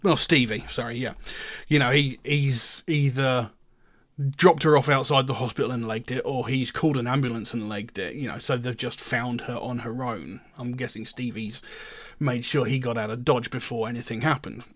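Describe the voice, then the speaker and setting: A man's voice: mid-range voice, moderate pace, a bit bright. A middle-aged man hosting a music reaction, talking in a rambling way and leaning on "you know" fillers. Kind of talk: casual reaction commentary.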